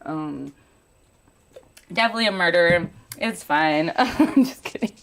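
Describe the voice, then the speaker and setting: A woman's voice: on the low side, expressive, unhurried, gravelly, a little hiss or hum. Young woman hosting a loose podcast chat, curses a lot, dry sarcastic jokes. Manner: candid, swears freely, laughs and jokes sarcastically. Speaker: podcast host. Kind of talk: casual chat.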